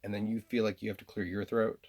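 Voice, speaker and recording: Here a Southern American vlogger speaks quickly in a lowish, level, slightly mellow voice. His personal monologue wanders, and he hesitates, repeats himself, and keeps restarting amid many fillers.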